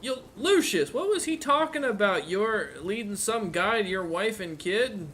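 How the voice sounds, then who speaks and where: Exasperated gruff merchant leader voiced by a man, raised and strained, faint hiss behind. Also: high-pitched, big pitch swings, unhurried, voice pushed up, heavily acted. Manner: loud, exasperated, swearing.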